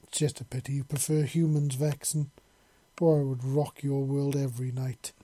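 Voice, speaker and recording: Male narrator doing a brash, teasing lizard-woman, dark husky tone, slightly raised pitch. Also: little pitch movement, moderate pace, no echo, lightly acted. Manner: bold, teasing, warm-hearted. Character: confident flirtatious female lizard-folk woman.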